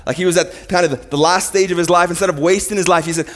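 A man's voice: sits high, fairly even intonation, fast talker, hardly any pauses. A man preaching a sermon in a church, firing rhetorical questions at the congregation as his intensity rises and falls. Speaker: pastor. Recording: long hall reverb.

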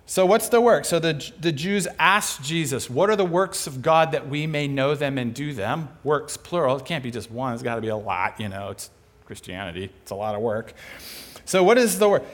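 A man delivering a sermon, his voice a touch higher than most men's and swinging widely in pitch. He talks conversationally and with energy, firing off rhetorical questions and answering them himself. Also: expressive, normal speed. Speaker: preacher.

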